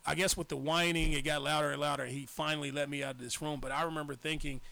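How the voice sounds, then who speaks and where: A man from Arkansas talks candidly on a radio talk show. His voice sits a little high, with a gravelly edge and a bright, forceful tone. He tells his stories emphatically. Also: steady tone, quick pace. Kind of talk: casual chat.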